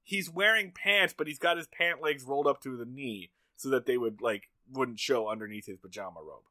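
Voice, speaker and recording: A man's voice: medium pitch, a little fast, pushed and bright, dry recording. A man co-hosting a casual podcast, recapping a TV episode with jokes, swearing and sarcastic asides. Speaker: podcast co-host.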